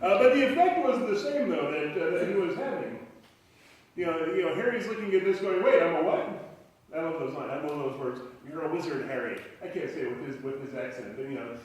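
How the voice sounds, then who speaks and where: A man's voice: a little high, lively intonation, quick pace. A man preaching a conversational sermon as pastor, rambling and full of fillers and restarts. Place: church sanctuary. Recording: very echoey hall, voice far from mic.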